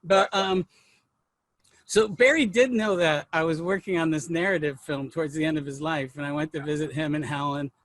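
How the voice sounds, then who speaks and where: High, bright-voiced rambling comedian. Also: male voice, fairly even intonation, normal speed, no echo. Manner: rambling, self-mocking storyteller. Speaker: comedian and filmmaker guest. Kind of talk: anecdotal interview storytelling.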